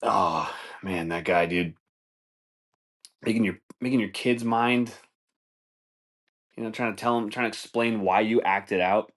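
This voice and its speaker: A man's voice: on the low side, unhurried, pauses often, fairly bright tone. A man hosting a comedy podcast, rambling loosely through stories, swearing and laughing, saying dude a lot. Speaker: podcast host.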